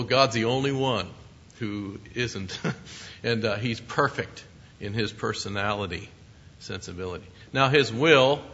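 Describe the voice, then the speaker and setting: A man's voice: mid-range voice, a bit bright. A man preaching a sermon in a conversational way, with asides to his listeners and short chuckles. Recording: muffled lo-fi recording.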